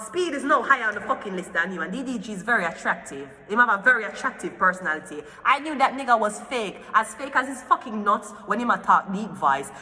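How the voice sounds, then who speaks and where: Heated woman, tarot reader, profane rant, bright tone, echoey room. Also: mid-range voice. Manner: profane, heated, swearing often. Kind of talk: ranting gossip commentary.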